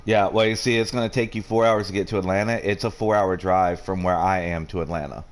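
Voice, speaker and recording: A man's voice: sits low, fairly even intonation, fairly quick. A man chatting casually on a game stream, rambling and swearing freely. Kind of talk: casual chat while gaming.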